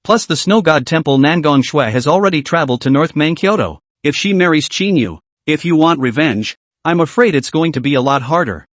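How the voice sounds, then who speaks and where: A man's voice: fairly high pitch, lively intonation, brisk, dry recording, close to an everyday voice. A man voicing a worried young male twin brother who speaks cautiously with sighs. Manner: sighing, cautious.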